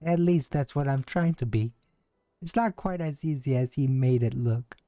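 A man's voice: mid-range voice, moderate pace, warm tone, no room sound, natural voice. A man voicing an earnest, theatrical young woman detective's sidekick, reading game cutscene dialogue aloud with some stumbles.

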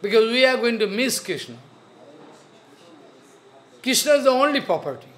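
A man giving a spiritual sermon, slow and earnest, repeating his phrases. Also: extremely high pitch, sing-song, a bit bright. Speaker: spiritual teacher.

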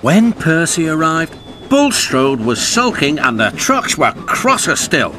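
A man with a British accent, gently and expressively narrating a children's cartoon. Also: fairly high pitch, slow pace, noisy background. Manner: gentle and expressive, voicing every character himself. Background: background music.

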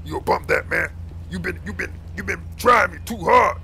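A blustering, incompetent street cop in a comedy skit, played by a man, barking orders then fumbling and muttering to himself. His voice sits high and bright with a gravelly fry. Faint background hiss. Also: wildly swooping pitch, normal speed, full character voice. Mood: bossy. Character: bossy, bumbling young male street cop.

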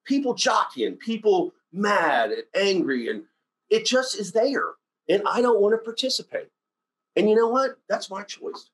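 A company CEO runs a casual, motivational sales training session, rambling from one story to the next. His voice is a little high for a man, and he sounds blunt and animated at an unhurried pace. The recording quality is low.

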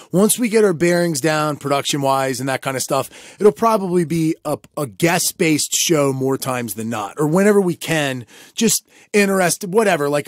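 A man co-hosting a casual podcast, telling rambling, animated stories with lots of restarts. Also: on the high side, dry recording, clean studio sound. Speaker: podcast co-host. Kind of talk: casual chat.

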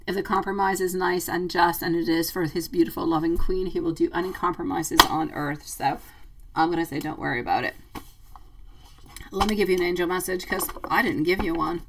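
A woman hosting a live tarot reading, chatty and affectionate, calling her listeners sweetie and love, playful and quick to laugh. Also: lowish voice, gravelly, distant mic, a little hiss or hum, poor audio. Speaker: tarot reader.

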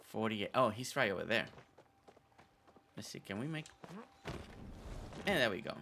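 Streaming a game, a man gives casual gameplay commentary, joking and chatting playfully with viewers as faint game music plays behind him. His lowish voice is animated, creaky, and sharp at a moderate pace, with slight background noise.

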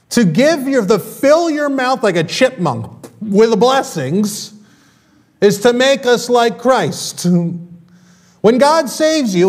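A male pastor preaching a sermon in a church, talking in a conversational way with quick asides. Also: high-pitched. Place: church sanctuary.

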